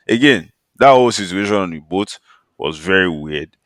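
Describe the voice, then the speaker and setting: A man co-hosting a podcast, talking in casual slang, animated and laughing while he makes his points. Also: deep voice, moderate pace, no room sound, clean studio sound. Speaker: podcast co-host.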